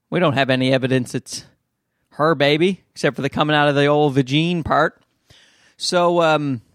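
Man, rambling jokey podcast host, fairly high voice, dry close mic. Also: no room sound. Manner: rambling, jokey, animated asides. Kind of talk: casual solo podcast chat. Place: at home with a baby. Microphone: handheld mic held close.

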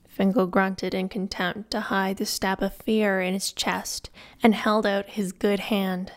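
Woman audiobook narrator, slow measured read, mid-range voice. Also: mid-range voice, little pitch movement. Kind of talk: scripted narration.

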